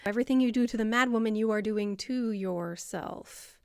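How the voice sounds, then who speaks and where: Chatty woman with a fairly high voice. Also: normal speed, vocal fry, darkish tone, clear, resonant tone, no room sound, studio quality. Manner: conversational, lots of fillers, acts out voices. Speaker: video host explaining self-compassion. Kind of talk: casual explanatory talk to camera.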